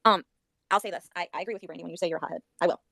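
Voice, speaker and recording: A woman's voice: on the low side, racing, gravelly, crowd noise. A woman in a group audio chat, speaking earnestly and reassuringly, repeating herself.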